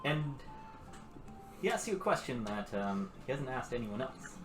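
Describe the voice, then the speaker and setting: A man running a tabletop game as game master, asking measured, formal questions. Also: mid-range voice, very animated. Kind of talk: narrating and voicing an interviewer in a tabletop game. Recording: echoey room with music.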